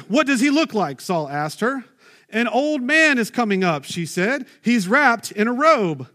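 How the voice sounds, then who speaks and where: A man's voice: very high voice, big pitch swings, a little slow, bright, forceful tone. A man preaching a sermon, reading scripture and breaking off into chatty asides and rhetorical questions.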